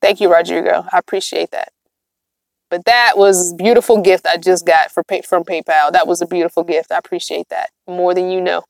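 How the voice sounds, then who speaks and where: A woman's voice: on the low side, fairly even intonation, brisk, creaky, no echo, clean studio sound. Chatty, emphatic woman livestreaming. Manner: chatty, emphatic, repeats herself. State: tired, yawning. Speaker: vlogger hosting a livestream. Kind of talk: casual livestream chat with viewers.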